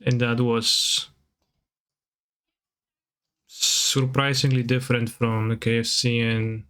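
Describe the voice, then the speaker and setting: A man's voice: medium pitch, flat delivery, takes it slowly, fairly bright tone, clear, resonant tone. A man streaming a card game, chatting casually with viewers and breaking into playful, goofy sing-song noises. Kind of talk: casual stream chat over gameplay.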